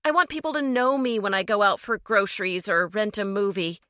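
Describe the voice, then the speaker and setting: A woman's voice: fairly high pitch, a little slow, fairly bright tone, dry recording, clean studio sound, pitched above the performer's own voice. A woman voicing a grieving, earnest woman who asks pointed questions and grows defiant.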